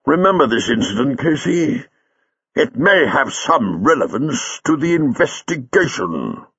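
A man's voice: medium pitch, very animated, unhurried, fairly bright tone, slightly rough, no echo, dull audio, pitched above the performer's own voice, heavily acted. A man doing a pompous, self-important theatre manager. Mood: stern. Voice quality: pompous, conspiratorial.

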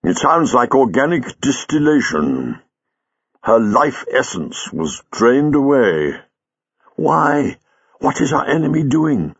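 A man's voice: mid-range voice, very animated, takes it slowly, husky, no echo, lo-fi sound, pitched above the performer's own voice, exaggerated voice. A man voicing a brooding, eccentric male traveller who muses thoughtfully and bursts out sharply. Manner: thoughtful, abrupt bursts of anger.

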